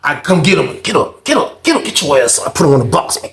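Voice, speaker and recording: His voice sits on the high side and moves a little fast, with a roomy sound around it. This man, a storytelling channel host, animatedly narrates a storytime tale in slangy, profane language, switching voices for each person's lines.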